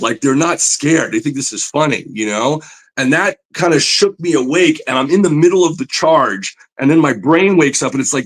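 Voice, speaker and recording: On a roughly recorded podcast, a man who draws comic books chats casually at normal speed in a fairly high voice. He's an animated storyteller who leans on "you know" a lot, and his pitch rises whenever excitement takes over.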